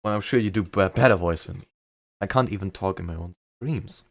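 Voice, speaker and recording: A young man with a light German accent, talking loosely and a bit self-deprecatingly to his stream audience. His voice sits very low. The sound is dry and close, with no room to it. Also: a little fast, dry recording. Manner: chatty, rambling, self-deprecating. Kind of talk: casual chat during a live game stream.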